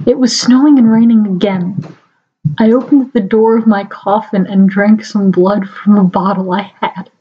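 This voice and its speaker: A woman's voice: fairly high pitch, a little mellow. A young woman reading a badly written story aloud and commenting on it, often breaking into giggles and mocking the text. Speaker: fanfic reader. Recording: dull lo-fi home recording.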